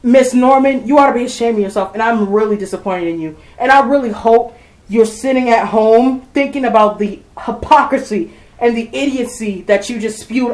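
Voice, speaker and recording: A woman's voice: medium pitch, darkish tone, echoey room, poor audio. A woman ranting heatedly to her viewers, swearing and repeating herself as she vents. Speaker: vlogger. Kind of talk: angry rant to camera.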